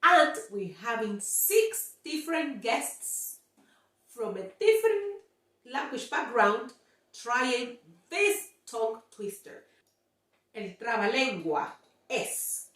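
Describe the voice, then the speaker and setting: A woman teaching Spanish pronunciation, sounding out words slowly and scolding playfully about common mistakes. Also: a little high, very animated, a bit bright, echoey room, recorded from a distance. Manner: slow, drawn-out demonstrations of sounds, playful scolding. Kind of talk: pronunciation lesson.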